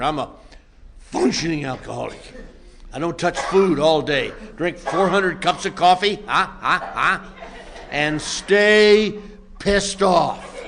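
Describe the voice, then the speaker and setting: Wry older man telling a story, shouting at peaks. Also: a little high, slight background noise. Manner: wry, self-mocking, builds to shouts. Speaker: recovery meeting speaker. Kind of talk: storytelling talk to an audience.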